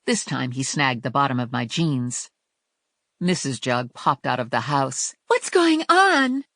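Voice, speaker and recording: A woman narrating a first-person crime audiobook with wry, expressive storytelling. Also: extremely low pitch, a little slow, no room sound, studio quality. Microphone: close studio mic.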